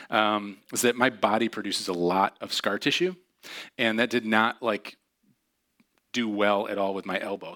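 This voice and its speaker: Man, bright voice, self-deprecating storyteller, lots of "um"s. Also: lowish voice. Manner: chatty, self-deprecating, many fillers. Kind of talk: personal storytelling.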